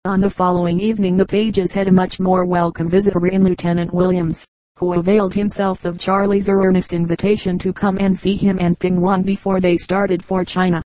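A woman reading a storybook aloud in a steady narrating manner. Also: lowish voice, brisk, no echo, low-quality recording. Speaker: audiobook reader. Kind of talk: scripted narration.

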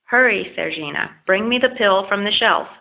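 A woman voicing a kindly, trusting old fisherman who calls out loudly to his animals and speaks gently to them, in a storybook reading. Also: mid-range voice, moderate pace, creaky, lightly acted. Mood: calling, gentle. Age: older. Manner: calling out, gentle and patient. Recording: tinny phone-like lo-fi recording.

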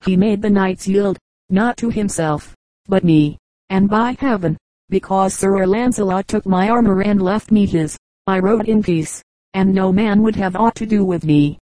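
A woman's voice: medium pitch, measured pace, warm tone, no echo, natural voice, rough recording. A woman reading the lines of a grateful, hearty male knight retelling in archaic speech.

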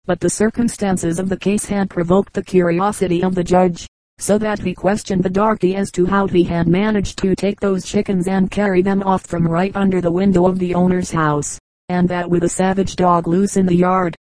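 A woman's voice: fairly low pitch, normal speed, no echo, low-quality recording. A woman narrating an audiobook of short humorous anecdotes, reading evenly and lightly voicing the quoted lines. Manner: even storytelling read, voicing quoted lines.

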